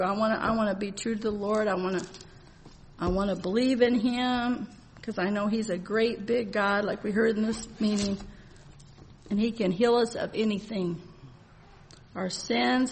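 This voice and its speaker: A woman preaching a sermon in an earnest, heartfelt way, moving between soft, gentle passages and loud, emphatic declarations, with frequent laughter. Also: medium pitch, vocal fry.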